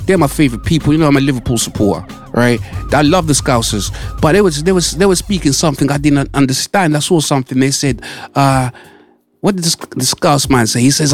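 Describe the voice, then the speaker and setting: A man's voice: a little high, brisk, soft background music. A man, hosting a radio show in casual chat, repeating himself and saying "mate" and "all right". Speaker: radio host. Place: radio studio.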